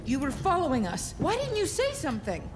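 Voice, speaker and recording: A fierce young brawler. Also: female voice, sits high, wildly swooping pitch, a little fast. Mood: taunting. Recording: clip with very loud music.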